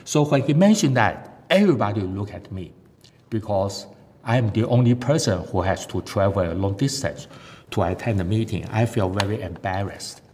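Earnest male preacher in an echoey hall. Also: darkish tone. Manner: earnest, halting with frequent fillers, non-native grammar. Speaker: lay preacher giving testimony. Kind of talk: sermon testimony. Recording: echoey hall with faint rumble.

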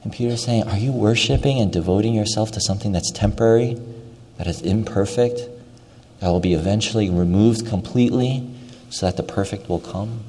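A man's voice: on the low side, fairly quick, dark tone, breathy edge. A man preaching a sermon with emphasis, repeating key phrases and asking rhetorical questions. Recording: long reverb of a large hall.

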